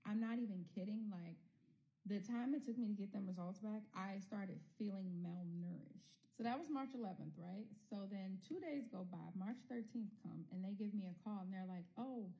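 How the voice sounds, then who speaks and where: A woman telling a personal story in casual storytime fashion, blunt and unfiltered, with cursing along the way. Her voice is dark and mellow. She speaks straight to her viewers and slips into the people she describes. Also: medium pitch, moderate pace, poor audio.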